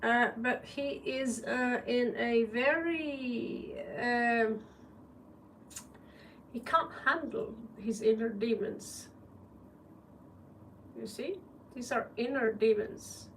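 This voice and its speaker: A woman from Norway reads tarot live in a loose, joking way, swearing bluntly in her Norwegian accent. Her voice sits on the high side, very slow and full of pauses, heard through a distant mic with faint background noise.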